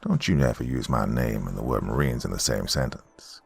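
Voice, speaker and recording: A man voicing a gruff, short-tempered first sergeant who talks in a stern, scolding way. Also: extremely low pitch, normal speed, dry recording, faint music behind, pitched below the performer's own voice, full character voice.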